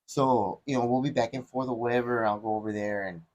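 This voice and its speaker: A middle-aged man, a guest on a podcast, chatting casually in a relaxed, rambling way. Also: mid-range voice, fast talker, muffled recording. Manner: relaxed, rambling, with frequent "you know". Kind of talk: casual chat.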